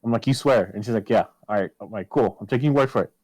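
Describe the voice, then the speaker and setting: Racing through a personal story on a casual podcast, a man with a lowish voice swears a lot and loudly acts out his own past lines. The recording is dry and rough.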